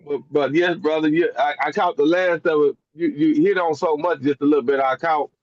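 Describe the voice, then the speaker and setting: A man's voice: fairly high pitch, steady tone, fairly quick, dry recording, lo-fi sound. A man calling in from inside his truck, talking earnestly and often stammering and repeating words. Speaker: call participant. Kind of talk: casual call-in talk. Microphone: online call.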